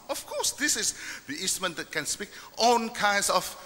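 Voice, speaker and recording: A man's voice: sits high, animated, moderate pace, bright, forceful tone, in a large hall, soft background music. A man with a Vietnamese accent, a folk musician explaining his instruments to a live audience in simple, friendly English.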